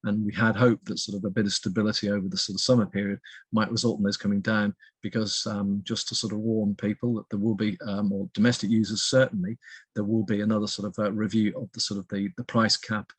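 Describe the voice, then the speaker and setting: Husky-voiced man, hesitant expert. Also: fairly low pitch, flat delivery, quick pace, no room sound. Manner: hesitant, heavy use of fillers like "sort of". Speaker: guest expert, economist. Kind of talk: interview answer.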